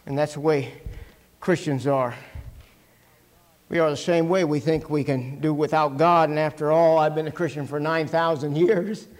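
A middle-aged man preaches in a folksy, storytelling way, his voice sitting high for a man. He acts out the people in his stories with sudden loud shouts. The sound rings with the long reverb of a church hall. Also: steady tone, moderate pace. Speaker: pastor. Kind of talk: sermon with stories. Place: church sanctuary.

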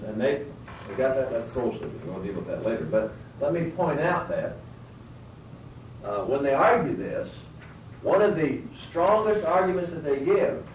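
A man's voice: medium pitch, darkish tone. A man teaching a Bible class, explaining step by step, often rephrasing and putting questions to his listeners. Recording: roomy, distant mic, faint background noise.

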